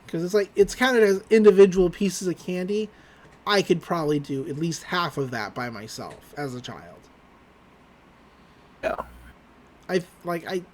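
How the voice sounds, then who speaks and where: A podcast host casually recapping a cartoon episode, laughing often and adding wry asides about the plot. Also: medium pitch. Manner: animated, laughs often, acts out characters' lines.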